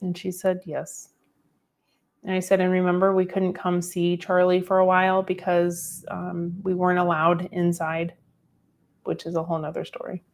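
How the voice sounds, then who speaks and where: Low, even-toned woman telling a story. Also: moderate pace. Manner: reflective, tearful at times, with fillers. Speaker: podcast host. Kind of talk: personal storytelling.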